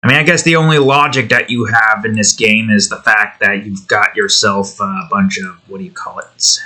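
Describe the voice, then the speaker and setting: Guy building his game and chatting away, bright voice, swears a lot, talks to the stuff on screen, hams up a fake redneck drawl. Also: on the low side, steady tone, normal speed. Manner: rambling, swears, talks to the objects he edits; jokingly puts on a redneck drawl. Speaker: hobby game developer. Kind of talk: casual commentary while building a game.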